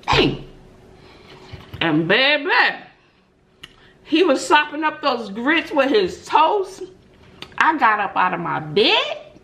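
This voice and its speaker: A woman's voice: medium pitch, fairly bright tone. Woman mukbang host, middle-aged, storytelling between bites, chatty asides, faint noise behind. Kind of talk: chatty storytelling while eating.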